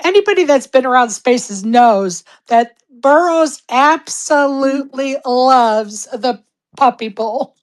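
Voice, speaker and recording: A woman hosting a casual chat, teasing her guests and quick to laugh. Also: high-pitched. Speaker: host.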